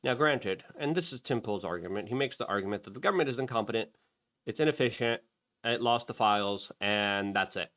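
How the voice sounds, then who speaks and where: A man's voice: lowish voice, brisk, a bit bright. A middle-aged man hosting a talk show, commenting on a clip with heated, emphatic bursts. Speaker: show host.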